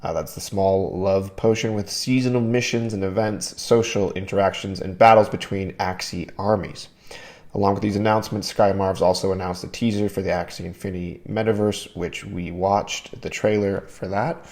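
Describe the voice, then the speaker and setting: A crypto video channel host walks his viewers through a topic, talking casually and with enthusiasm and calling them "you guys." His voice is low and darkish, steady, at a moderate pace.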